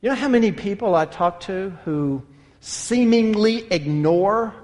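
A smug, half-hearted male churchgoer brushing off hard teachings in a breezy, self-excusing tone, as a preacher puts him on. The voice sits high and rings with a long hall reverb.

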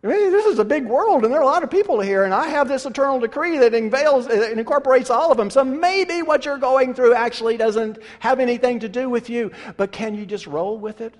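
A man preaching who voices Jesus as a patient, earnest man coaxing his friend to trust him, talking slowly and conversationally. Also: very high voice, voice pushed up. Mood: insistent. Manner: pleading, conversational, stretching words slowly. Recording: long reverb of a large hall.

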